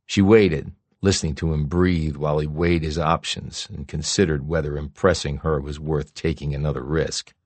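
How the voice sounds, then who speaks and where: A man reading an audiobook as narrator, with a steady, low-key delivery. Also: husky, no room sound. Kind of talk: scripted narration.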